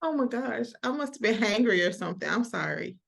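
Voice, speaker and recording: A woman's voice: fairly high pitch, expressive, a little fast, creaky, fairly bright tone. A woman from Georgia with a Southern accent, a guest speaking emphatically in a casual chat. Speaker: guest, actress.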